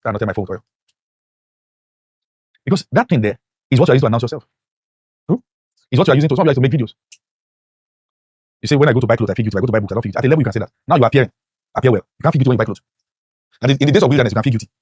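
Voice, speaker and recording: A man's voice: mid-range voice, lively intonation, rapid-fire, long pauses, a little mellow, slightly rough, no echo, muffled recording. A man giving a motivational lecture to a class, preachy and full of rhetorical questions, his voice leaping up sharply on key points. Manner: voice leaps up sharply when stressing points. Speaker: motivational teacher.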